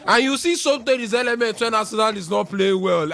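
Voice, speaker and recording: High-voiced radio presenter. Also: male voice, fast talker, vocal fry, sharp tone. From Nigeria. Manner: jovial, promotional, teasing. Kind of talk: radio announcing and banter. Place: radio studio.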